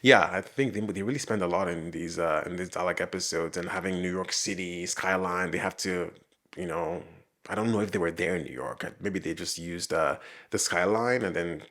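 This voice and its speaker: Rambling man with a low voice. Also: normal speed, fairly bright tone. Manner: rambling, with many fillers and restarts; laughs often while talking. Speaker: reaction video host. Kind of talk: casual reaction commentary.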